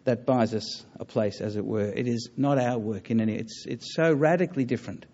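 A man giving a public talk on religion and taking audience questions, earnest and halting, with many fillers and restarts. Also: medium pitch, mellow, lo-fi sound. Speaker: lecturer on religion.

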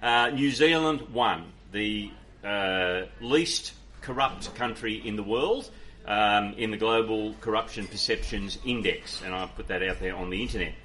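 A man's voice: fairly low pitch, a little slow, few pauses, sharp tone, slight background noise. A man from Ireland preaching a sermon and answering audience questions in an earnest, conversational way, with many fillers and restarts. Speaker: pastor.

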